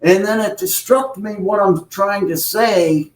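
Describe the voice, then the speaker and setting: A man speaks slowly and deliberately as he tells his own story, his voice a touch high. The mic sits some way off, so the sound is roomy and echoing. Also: recorded from a distance. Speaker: podcast guest. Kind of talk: storytelling recollection.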